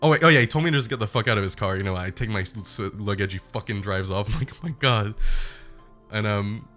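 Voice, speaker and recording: A man's voice: lowish voice, quick pace, faint music behind. Young man swearing through a comic story. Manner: animated, profane, laughing retelling. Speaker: streamer. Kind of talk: casual storytelling.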